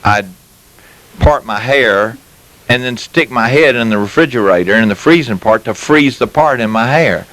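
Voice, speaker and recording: A Southern-accented Mississippian in his fifties, a little tired, tells chuckling, folksy anecdotes during a casual interview at a mobile home sales lot. His mid-range voice is a bit bright and moves at normal speed, captured on a rough recording.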